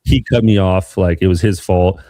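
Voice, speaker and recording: A young man co-hosting a podcast, telling a rambling, animated story in casual chat. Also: sits low, normal speed, no room sound, studio quality. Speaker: podcast co-host.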